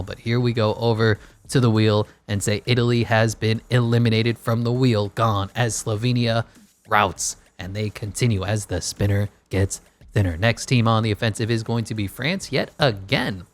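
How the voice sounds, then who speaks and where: A man giving casual play-by-play commentary over a basketball video game, with wry joking asides. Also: on the low side. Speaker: gaming YouTuber.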